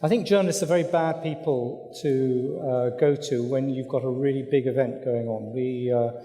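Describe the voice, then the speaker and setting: A middle-aged man giving a thoughtful conference talk, pausing often with fillers and restarts. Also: medium pitch, fairly even intonation, dark tone. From Britain. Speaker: conference speaker, newspaper editor. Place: hotel conference hall. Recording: reverberant conference hall.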